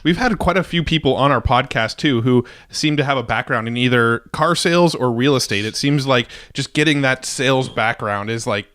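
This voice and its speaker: A man's voice: mid-range voice, moderate pace, hardly any pauses, a bit bright, no room sound, studio quality. A man co-hosting a podcast, chatting with hesitant restarts. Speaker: podcast co-host. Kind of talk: casual interview.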